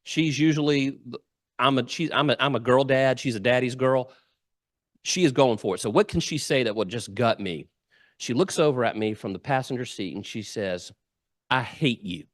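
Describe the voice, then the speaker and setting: A middle-aged man, invited as guest speaker at a club meeting room, tells lively, humorous stories and acts out what people said. He speaks at a moderate pace in a medium-pitched voice, recorded cleanly with no echo.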